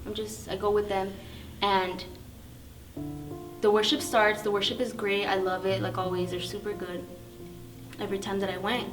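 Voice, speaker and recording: Young woman, casual spoken testimony, chatty and filler-heavy, clear guitar bed behind. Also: medium pitch, flat delivery, moderate pace, pauses often. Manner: chatty, with many fillers and quoted inner thoughts. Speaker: youth testimony speaker. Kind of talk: personal testimony, casual storytelling. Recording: guitar music playing underneath.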